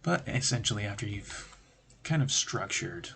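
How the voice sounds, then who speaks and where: A man with a low, gravelly voice talks through tabletop game design in a loose, rambling way. He drifts between points, adds joking asides, and keeps the tone of a casual stream host. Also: animated, normal speed, bright, forceful tone, slight background noise.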